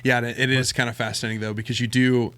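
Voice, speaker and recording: Chill dad cohost, lots of sure and yeah, mid pitch. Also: male voice, smooth, no room sound. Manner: relaxed, encouraging listener with quick affirmations. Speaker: podcast co-host. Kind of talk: casual chat.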